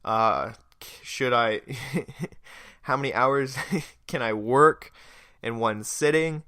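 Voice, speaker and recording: A man's voice: medium pitch, drawn-out words, bright, forceful tone, clear, resonant tone, no echo, clean studio sound. A young man hosting his own podcast in a casual, rambling, self-deprecating way, with a stuffy nose. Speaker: podcast host. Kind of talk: casual solo podcast monologue.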